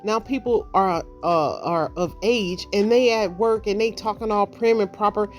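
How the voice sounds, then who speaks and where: A middle-aged woman holds forth in a blunt, salty, casual monologue. She acts out the people in her stories with loose, animated delivery. Faint music plays underneath her. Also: medium pitch, moderate pace. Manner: blunt, profane, animated storytelling with mocked voices. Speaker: vlogger.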